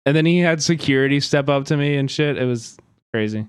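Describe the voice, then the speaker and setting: A man's voice: mid-range voice, brisk, clean tone, no echo, studio quality. A man streaming live, telling a story in an agitated, profane way that rambles with many fillers.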